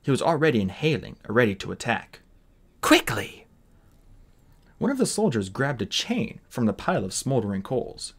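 Animated male storybook narrator. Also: mid-range voice, a little fast, hardly any pauses, breathy edge. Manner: expressive, animated reading. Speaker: audiobook reader.

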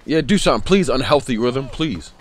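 A young man, commentating his own basketball video game, cursing and yelling at teammates. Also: mid-range voice, fairly quick. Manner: profane, excitable, yells at teammates. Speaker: gaming YouTuber. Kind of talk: live gameplay commentary.

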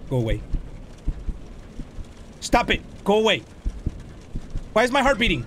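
A man's voice: sits high, wildly swooping pitch, unhurried, pauses often, fairly bright tone, slight background noise. A man giving frantic horror-game commentary as a gaming YouTuber, yelping, swearing and slipping into Spanish.

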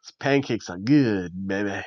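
A man voicing a jovial, hungry male wrestler who drawls slowly and savors his words. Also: lowish voice, a little mellow, dry recording, voice pushed down, close to an everyday voice. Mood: hungry delight. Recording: dull, dry lo-fi recording.

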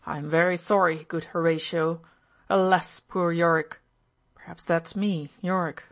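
A woman's voice: lowish voice, fairly even intonation, unhurried. A woman reading the part of an impulsive, brooding young man who talks in an expansive, feverish way. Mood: melancholy. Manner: expansive, feverish, then dreamy.

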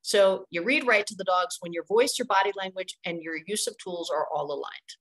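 A middle-aged woman presenting a training webinar on dog playgroups, talking in an energetic, chatty way and stressing her points with repeated words. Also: lowish voice, moderate pace, poor audio. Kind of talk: instructional webinar talk.

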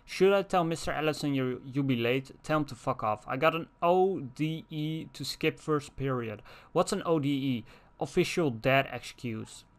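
This let's player is a young man whose first language is Dutch, with a mid-range voice and a moderate pace. He provides casual gameplay commentary, reading in-game text messages aloud and adding crude jokes and asides.

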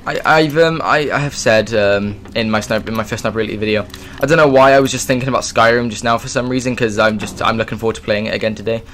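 A man gives chatty let's play commentary over his game, wandering between topics and breaking into sudden exclamations. His voice sits a little low. A faint hiss runs behind it. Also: fast, hardly any pauses, a bit bright. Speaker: gaming YouTuber.

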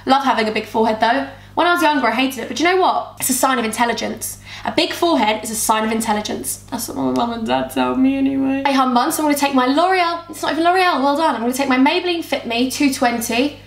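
A woman's voice: sits high, fast talker, hardly any pauses. A woman, chatting and rambling through a makeup tutorial as she talks to her camera. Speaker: beauty vlogger. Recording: roomy echo.

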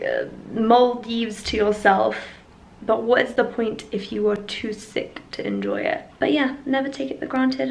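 A woman's voice: on the high side, gravelly. A young woman chatting casually to camera as a vlogger while getting ready at home, rambling along with plenty of "like" and "yeah". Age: young adult. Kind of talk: casual vlog chat.

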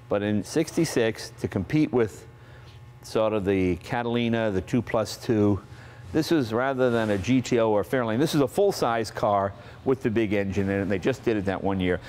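A man in his sixties from Massachusetts, hosting and telling a casual, animated story about cars. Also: lowish voice, a little hiss or hum. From Massachusetts, USA. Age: 60s. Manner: chatty, animated, acts out family members' lines. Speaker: host.

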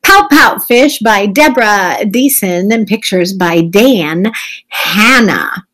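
Slow, expressive storytime teacher. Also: female voice, medium pitch, rough recording. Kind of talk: reading a picture book aloud.

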